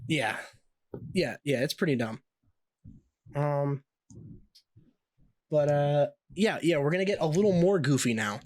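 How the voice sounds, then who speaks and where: A young man co-hosting a podcast, telling stories in a casual, animated way with plenty of swearing and laughter. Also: on the high side, measured pace, long pauses, no room sound. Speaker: podcast co-host.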